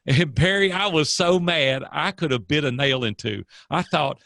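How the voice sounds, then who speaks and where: Older man with a gravelly, earnest voice. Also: a little high, moderate pace, hardly any pauses, bright, forceful tone, dry recording, clean studio sound. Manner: earnest, preachy storyteller. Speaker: guest, coach. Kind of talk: casual interview storytelling.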